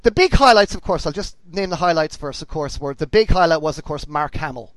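A man hosting a casual podcast chat, excitable and talkative. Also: a little high, no room sound. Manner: lively, excitable, quick to laugh. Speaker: podcast host.

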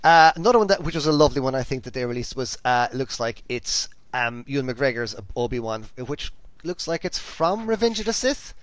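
A man's voice: medium pitch, lively intonation, fairly quick, a bit bright, no echo. A man hosting a podcast, chatting enthusiastically and rambling with many restarts. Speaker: podcast host. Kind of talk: casual chat.

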